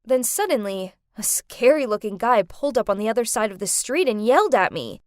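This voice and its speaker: A woman narrating an animated story in first person, in an expressive, animated way. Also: fairly high pitch, fairly quick, no room sound, clean studio sound.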